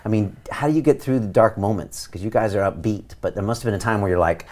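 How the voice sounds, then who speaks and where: A male host with a very deep voice who leads an interview. He speaks directly and in a motivational tone, like a coach giving advice. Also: fast, a little mellow. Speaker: podcast host.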